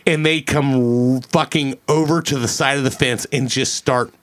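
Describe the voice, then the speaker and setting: A man's voice: mid-range voice, steady tone, normal speed. A man, telling a long story on a casual podcast, rambling, swearing and repeating his words. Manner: rambling, profane, repeats words, acts out quoted voices.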